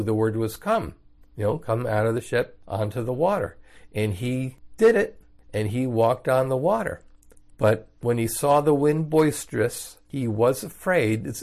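A man's voice: mid-range voice, darkish tone. A man teaching the Bible verse by verse in a casual, conversational way, reading passages and explaining them in everyday words.

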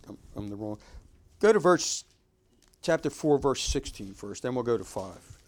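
A man's voice: medium pitch, expressive, normal speed, a little mellow. A man giving informal Bible teaching, talking conversationally and reading verses aloud with emphasis. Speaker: preacher.

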